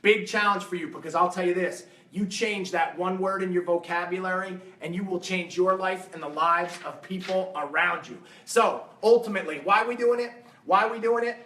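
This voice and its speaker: A man giving an energetic, emphatic motivational talk to a live seminar audience, firing rhetorical questions at them. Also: high-pitched, normal speed. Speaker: fitness coach and motivational speaker. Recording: roomy hall sound, mic at a distance.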